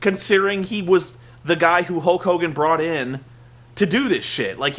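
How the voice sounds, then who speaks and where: High, bright-voiced man ranting sarcastically. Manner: exasperated, sarcastic, swears a lot; rambling with restarts and many "like"s. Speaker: show host reviewing. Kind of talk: ranting monologue review.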